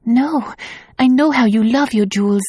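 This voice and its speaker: A woman voicing a young newly married daughter, loving and earnest, speaking softly and eagerly. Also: a little high, normal speed, husky, voice pushed up.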